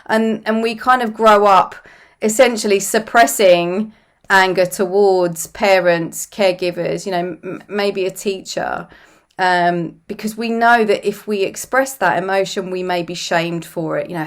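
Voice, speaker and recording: A woman's voice: medium pitch, steady tone, unhurried. A middle-aged woman coach speaking earnestly and unhurriedly in a reflective course talk, often repeating phrases and saying "you know.". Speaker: personal growth coach.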